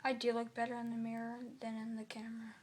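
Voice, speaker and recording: A woman's voice: a little high, monotone, quick pace, husky. A young girl vlogging casually to camera at home, rambling and apologizing a lot, with little giggles. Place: at home in a room.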